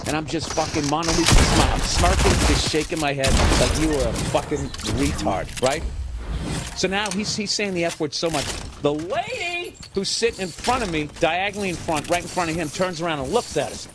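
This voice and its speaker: A male comedian telling a profane, animated story while playing a game. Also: fairly high pitch, brisk, noisy background. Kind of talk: storytelling over gameplay. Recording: game gunfire behind voice.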